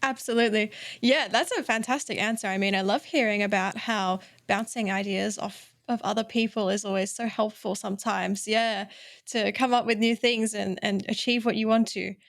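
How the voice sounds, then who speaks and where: A woman's voice: mid-range voice, steady tone, normal speed, gravelly. A woman hosting an interview podcast, affirming her guest's answers and asking follow-up questions. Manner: encouraging, affirming host. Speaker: podcast host. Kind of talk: casual interview.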